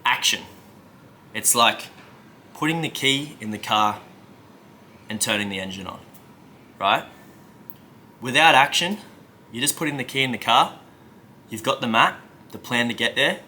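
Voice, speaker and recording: A man's voice: medium pitch, animated, moderate pace, pauses often, sharp tone, slight background noise. A man coaching viewers in an emphatic, conversational motivational talk, often checking in with "right?". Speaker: self-help coach.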